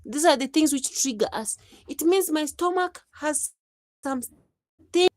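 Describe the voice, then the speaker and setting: Kenyan lady doing a casual live stream, bit high pitched, dry close sound, laughs a lot, gets preachy. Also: animated, unhurried, no room sound. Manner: chatty, laughs often, preachy asides.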